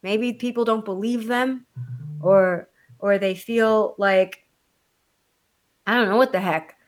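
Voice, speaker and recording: An adult woman with a mid-pitched voice tells a story in casual chat. She is blunt and animated and swears freely. A condescending edge she owns up to runs through her talk. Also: slow pace. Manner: self-described condescending.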